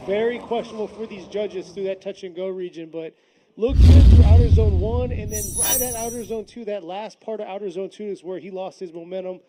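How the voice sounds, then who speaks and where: High-voiced drift commentator man. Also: brisk, very noisy. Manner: excited play-by-play over car runs. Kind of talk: motorsport commentary.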